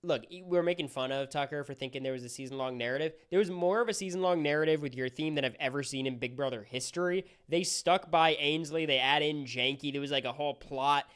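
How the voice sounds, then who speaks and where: A young man hosting a casual livestream chat, giving quick, opinionated takes. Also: on the high side, a bit bright, smooth. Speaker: streamer host.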